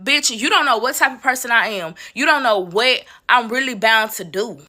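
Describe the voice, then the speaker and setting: Bright-voiced woman telling a storytime. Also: on the high side, normal speed, dry recording, studio quality. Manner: animated, profane, addresses viewers as y'all. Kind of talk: casual storytime monologue.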